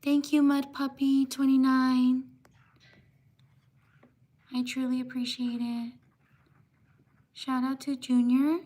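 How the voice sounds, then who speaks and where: A woman hosting a livestream reads viewer names from the chat in a slow, unhurried way. Her voice sits high and stays level, with little rise and fall, and she pauses between each shout-out. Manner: slow, steady shout-outs, apologizing for mispronouncing names. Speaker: livestream host.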